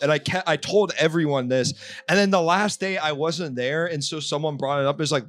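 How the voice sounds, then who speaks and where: A man's voice: on the high side, fast talker, a bit bright. A man hosting a call-in talk stream, chatting casually with lots of fillers and restarts. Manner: rambling, many fillers and restarts. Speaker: host. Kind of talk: casual chat.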